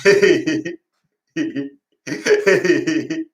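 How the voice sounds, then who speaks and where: Slow-talking man laughing at his own jokes. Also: a little high, echoey room. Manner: laughs constantly, crude, rambling. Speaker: live streamer. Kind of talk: rambling crude joking chat. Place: at home, alone.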